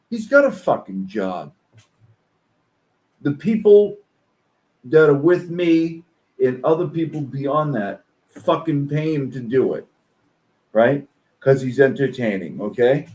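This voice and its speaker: A man streaming reaction commentary, ranting angrily and swearing. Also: rough recording. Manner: slow-paced, with lively pitch swings. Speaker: streamer reacting to online posts.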